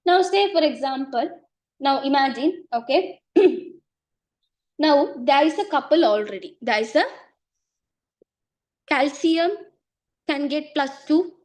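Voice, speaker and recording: A woman teaching a chemistry lesson, repeating herself and often checking understanding, losing her voice and clearing her throat. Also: sits high, lively intonation, slow, long pauses, darkish tone. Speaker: chemistry tutor. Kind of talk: online class teaching.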